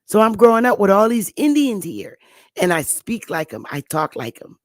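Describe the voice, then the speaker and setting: A woman from Connecticut in her fifties hosts a talk show at normal speed, her mid-range voice sing-song as she lectures viewers. She's emphatic and repetitive, drawing out words, with no echo.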